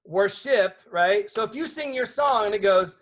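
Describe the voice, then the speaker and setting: A man teaching a songwriting seminar in a conversational way, often checking in with his audience with quick questions. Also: sits high, lively intonation, fairly bright tone.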